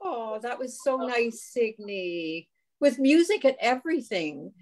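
A woman's voice: a little high, animated, slow, a little mellow, slight background noise. A woman, daughter of the coach, speaking emotionally and encouragingly on a video call.

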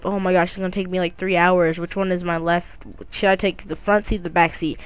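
A woman's voice: fairly low pitch, flat delivery, a little fast, few pauses, clear, resonant tone, no echo. Woman gamer, casual let's play chatter, goofy and crude, jokey.

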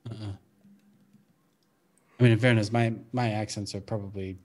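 A man's voice: fairly low pitch, fairly even intonation, normal speed, pauses often. A man co-hosting a casual podcast chat, chiming in with short, laid-back comments. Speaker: podcast co-host.

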